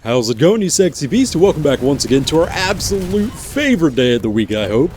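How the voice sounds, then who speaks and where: A man's voice: fairly high pitch, sing-song, fairly quick, a little mellow, a little hiss or hum. A man hosting a gaming video in a playful, jokey commentary style with teasing asides. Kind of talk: casual game commentary.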